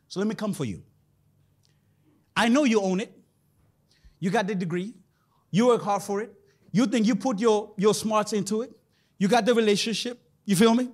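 A man preaching a sermon in a conversational way, often putting rhetorical questions to his listeners. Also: sits high.

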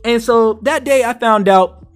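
A man's voice: extremely high pitch, measured pace, clean tone. A man hosting a podcast, telling a long story in casual, profane chat and acting out the quotes. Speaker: podcast host.

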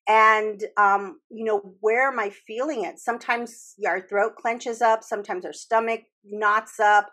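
A woman's voice: mid-range voice, steady tone, unhurried, hardly any pauses, bright, forceful tone. A woman hosting a casual talk, explaining earnestly with frequent restarts and the odd swear word. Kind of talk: casual podcast chat about trauma healing.

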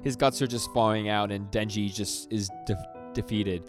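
A young man co-hosts a casual podcast, telling a story in long rambling runs full of stammers and restarts. His voice sits a little low. Music plays clearly under him. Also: fairly even intonation, moderate pace. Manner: rambling, frequent restarts and stammers, acts out quoted lines. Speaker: podcast co-host. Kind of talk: casual chat recapping a manga.

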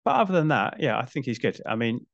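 A man's voice: mid-range voice, very animated, quick pace, vocal fry, no room sound, lo-fi sound. A man in his forties hosting a podcast, chatting casually about films with frequent restarts and dry asides. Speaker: podcast host. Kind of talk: casual film discussion.

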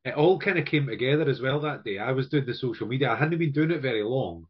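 A man hosting a casual football podcast, chatting in a relaxed way and laughing easily. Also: mid-range voice, quick pace, slightly rough, muffled recording. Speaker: podcast host. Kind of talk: casual chat.

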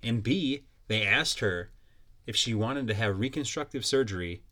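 A man's voice: on the low side, expressive, normal speed, bright, forceful tone. A young man hosting a podcast, ranting in a blunt, profane and mocking way. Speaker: podcast host. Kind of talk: casual solo podcast rant.

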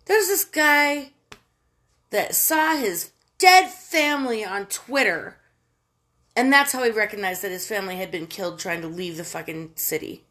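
A woman from the United States rants on camera with a mid-pitched voice. She swears freely and sounds exasperated. Her flow keeps breaking into loud, emphatic bursts. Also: expressive, unhurried. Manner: profane, exasperated ranting with emphatic outbursts. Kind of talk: casual political rant.

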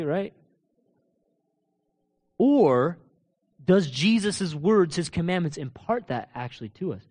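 A man with a notably high voice preaches a sermon in an animated way. He fires off rhetorical questions and drops into casual asides with his listeners. He swings from loud, ringing proclamations to low, quiet emphasis. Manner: laughs and talks casually to the congregation.

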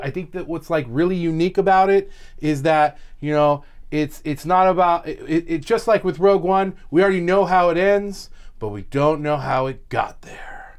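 A man's voice: a little high, moderate pace, clean tone. Chatty man, rambling and laughing. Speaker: podcast co-host. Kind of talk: casual chat.

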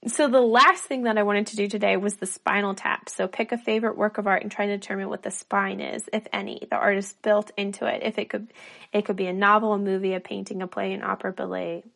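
Relaxed woman podcast co-host. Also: medium pitch, quick pace, creaky. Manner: relaxed, laughs easily, leads the segments. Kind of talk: casual chat.

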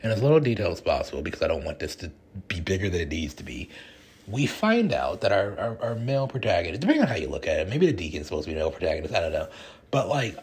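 Husky guy podcasting, chatty and rambly, voice jumps around a lot. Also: low voice. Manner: rambling, animated retelling. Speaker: podcast host. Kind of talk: casual chat.

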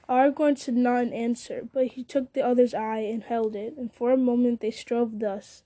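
A woman reading a fantasy novel aloud, now and then tripping over words and going back to repeat them. Her voice is mellow and soft, pitched a little high. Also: steady tone, normal speed, hardly any pauses. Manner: frequent stumbles and restarts. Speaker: reader.

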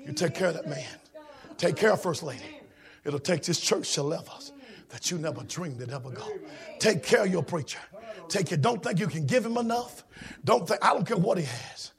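A preacher delivering a sermon, alternating rhythmic shouting with quieter storytelling in a raspy voice. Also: male voice, sits high, lively intonation, moderate pace.

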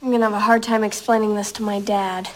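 An actress playing a teenage girl who worries about her father, in a TV drama clip, talking in a quick, anxious way. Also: mid-range voice, little pitch movement, darkish tone, slight background noise, lightly acted. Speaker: show clip character.

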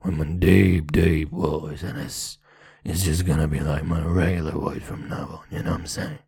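Man putting on a deep gravelly swagger voice. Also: level tone, moderate pace, mellow, no echo, heavily acted. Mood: smug.

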